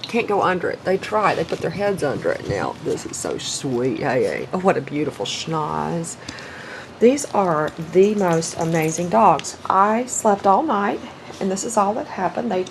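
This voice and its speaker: A woman's voice: mid-range voice, gravelly. A middle-aged woman and dog breeder filming a casual home video in her bedroom. She rambles fondly and coos baby talk at her puppies. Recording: noisy home video audio.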